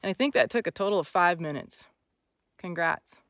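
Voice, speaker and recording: A woman horse trainer vlogging outdoors on a country ranch. She talks in a relaxed, chatty way, encouraging as she goes and working her thoughts out aloud. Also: fairly low pitch, moderate pace, no echo, studio quality. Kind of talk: casual vlog narration.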